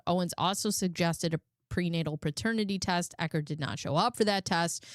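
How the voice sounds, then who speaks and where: In a clean studio recording with no echo, a woman with a lowish, clear voice hosts a live stream and reads out court records. As the live commentary host, she adds sarcastic asides and laughs at her own jokes.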